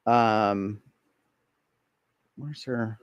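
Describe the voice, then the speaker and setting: A man's voice: lowish voice, extremely slow, smooth, dry recording, highs cut off. A man narrating a tabletop role-playing game as game master, hesitant and full of ums and restarts.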